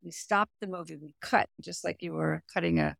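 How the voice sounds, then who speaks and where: A middle-aged woman, a performance coach and therapist, explains her method in a podcast interview with lively, hands-on explanations. Her voice is on the low side, creaky and fairly quick. It's studio-quality remote audio with no camera and no room sound.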